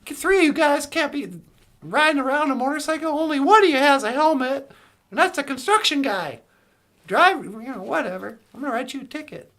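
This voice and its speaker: A woman's voice: high-pitched, animated, fairly quick, fairly bright tone. Woman playing an officious police officer. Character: no-nonsense male police officer.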